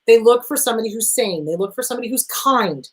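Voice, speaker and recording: A middle-aged woman therapist hosting an advice show, answering viewer questions in an emphatic, animated way and talking straight to the listener. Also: on the high side, fast talker, rough recording. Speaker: therapist host.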